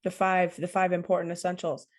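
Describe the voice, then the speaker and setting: A woman hosting a podcast interview, her voice sitting on the lower side. She speaks in an affirming, reflective way, summing up what her guest has said. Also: monotone, fairly quick. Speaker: podcast host.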